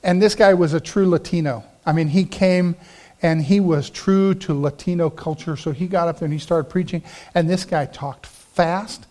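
A middle-aged male pastor delivers a sermon in a fairly high voice. He tells stories and acts out the voices of the people he quotes. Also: normal speed, darkish tone.

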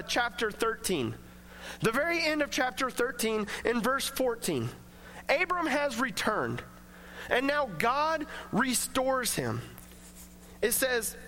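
A male preacher with a very high, bright voice. He talks in a loose, conversational manner and keeps slipping into quick acted-out voices for the people in his stories. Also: a little hiss or hum. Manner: casual, conversational preaching that acts out quoted speech. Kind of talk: sermon.

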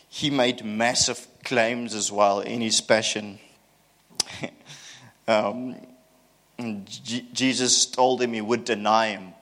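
Animated, joking male preacher. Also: lowish voice, slow pace, pauses often. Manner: animated storytelling with self-mocking humor. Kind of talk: sermon.

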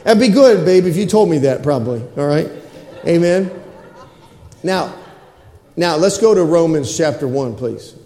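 A man's voice: fairly high pitch, animated, a little slow, long pauses, mellow. A man preaching a sermon as pastor in a church sanctuary, repeating his points and calling for responses from the congregation. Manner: preaching with repetition and call-and-response. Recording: roomy echo with long reverb in a hall.

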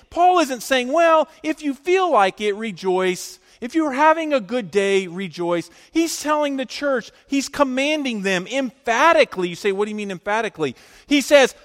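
A male pastor preaching a sermon, emphatic, swinging between loud declarations and hushed lines. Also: fairly high pitch, big-room sound.

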